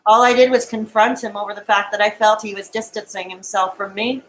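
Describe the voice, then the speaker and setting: A woman's voice: medium pitch, level tone, a little fast, a little hiss or hum, rough recording. A woman on a live stream, crying as she talks to her viewers in a raw, emotional and defensive way. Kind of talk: tearful live-stream monologue.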